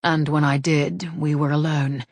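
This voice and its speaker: A woman voicing a lazy, teasing rogue of a gentleman. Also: low-pitched, fairly even intonation, unhurried, dry recording. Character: teasing, roguish gentleman swordsman, adult man. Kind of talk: audiobook character voice.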